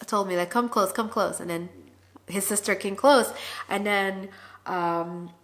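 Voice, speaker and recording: A woman's voice: medium pitch, moderate pace. Chatty woman vlogger telling a story. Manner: chatty, animated, many fillers and quoted dialogue. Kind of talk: casual storytelling to camera.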